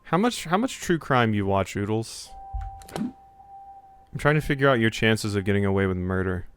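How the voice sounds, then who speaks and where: Soft music plays in the background as a young man with a lowish voice live-streams a game at a moderate pace, his pitch swinging widely. He rambles and jokes in casual chat with viewers, swearing and reading game text aloud.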